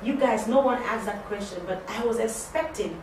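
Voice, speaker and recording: A woman with a mid-range, slightly mellow voice teaches a class of assistants at a moderate pace, keeping things conversational, repeating her points and asking questions. It's recorded in a very echoey classroom or training room on a distant mic, with faint noise.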